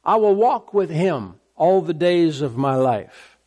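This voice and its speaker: A man's voice: on the high side, sing-song, takes it slowly, warm tone. A man preaching a sermon who reads scripture aloud, repeats phrases for emphasis and checks in with the congregation. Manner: call-and-response asides, repeats phrases for emphasis.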